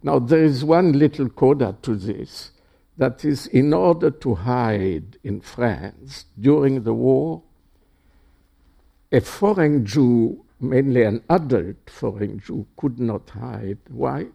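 An older man from Czechoslovakia is interviewed about his past. He speaks slowly in a dark, gravelly voice, pausing often and restarting his sentences. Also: mid-range voice, animated. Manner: halting, with many fillers and restarts. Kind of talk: oral history interview.

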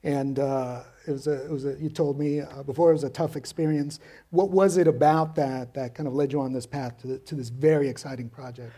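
A man's voice: medium pitch, fairly even intonation, a little fast, mellow. A man from Mexico City hosting an interview, asking questions and often checking in with "right?". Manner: curious, prompting questions with tag "right?". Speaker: interviewer, host. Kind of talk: radio interview.

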